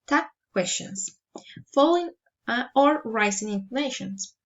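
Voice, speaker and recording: Woman, slightly high voice, very slow and careful, reading practice drills aloud; muffled lo-fi recording. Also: lively intonation. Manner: slow, careful reading of word pairs and sample sentences. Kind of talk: reading a pronunciation exercise aloud.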